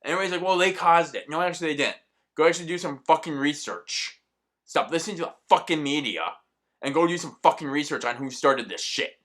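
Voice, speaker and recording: A man's voice: on the high side, expressive, quick pace, a bit bright. A man delivering an angry, profanity-laced ranting monologue as a vlogger.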